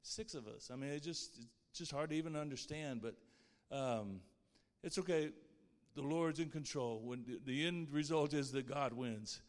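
A man with a somewhat high voice gives an earnest, heartfelt faith testimony. His words carry a long reverb, as if spoken in a large hall. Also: moderate pace. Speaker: guest speaker sharing his testimony.

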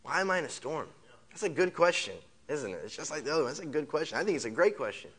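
A man's voice: fairly high pitch, lively intonation, fast talker, a bit bright, breathy edge. Man preaching in repeated rhetorical questions. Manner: leads the congregation in call-and-response. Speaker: pastor. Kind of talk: sermon.

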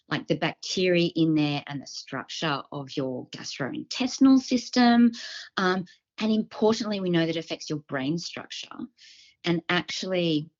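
A woman co-hosting a health podcast, explaining symptoms from her clinical work in a relaxed chat and acting out what patients say. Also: fairly low pitch, muffled recording. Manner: explanatory, acts out patients' quotes. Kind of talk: casual chat.

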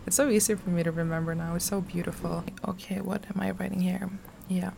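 Lowish gravelly woman reading her diary out loud, flat and soft, bit of hiss behind. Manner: soft and slow, drops into whispers. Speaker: vlogger reading her journal. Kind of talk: intimate journal reading, poetry-like.

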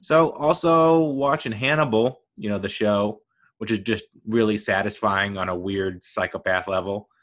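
Young male podcast host, lower-pitched voice, chatty and excitable, rambles through his thoughts. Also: normal speed. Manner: rambling and excitable, many fillers. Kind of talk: solo podcast monologue.

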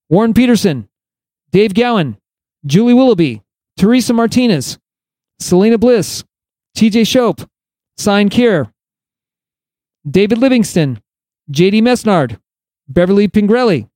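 A man's voice: high-pitched, warm tone, no echo. A male podcast host delivering opinionated solo commentary, sarcastic and emphatic, lecturing his listeners.

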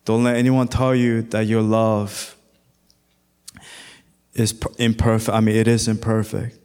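A man's voice: lowish voice, little pitch movement, measured pace, darkish tone, smooth. A man as pastor preaching a sermon, his voice building in intensity and slipping into song now and then. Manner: preaching with rising intensity, sometimes singing.

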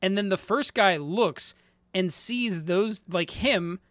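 A man co-hosting a casual anime podcast, excitable and swearing as he gleefully retells scenes from the show. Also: sits high, takes it slowly, no room sound. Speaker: podcast co-host. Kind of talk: casual anime review chat.

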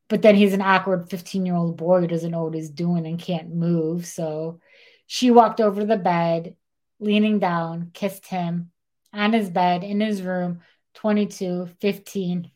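Young female podcast host, casual, lower pitch, animated retelling with acted quotes. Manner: animated, acts out quotes in dialogue, says "like" a lot. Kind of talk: casual true-crime storytelling.

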